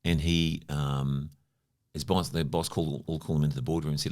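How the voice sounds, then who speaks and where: Very deep and darkish, delivered flat and brisk, this voice belongs to a New Zealand man in his fifties appearing as a podcast guest. His storytelling is loose and conversational, studded with "you know."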